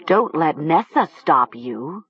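A reader voicing a soft, commanding voice that speaks inside a girl's head and gives her slow, hushed orders. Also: mid-range voice, sing-song, breathy edge, highs cut off, exaggerated voice. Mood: cold commanding. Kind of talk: audiobook reading.

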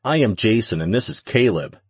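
A man reading the part of an eager young man who schemes to summon a demon, in a low, husky voice. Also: animated, a little fast, no room sound. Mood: earnest.

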